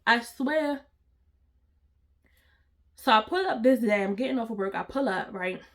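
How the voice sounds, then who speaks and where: A woman tells a story to her viewers, dramatic and full of slang. Her voice is a touch high, and her delivery is big and expressive. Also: a little slow. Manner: dramatic, talks straight to the viewers with slang and exaggeration. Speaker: storytime vlogger. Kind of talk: animated storytime vlog.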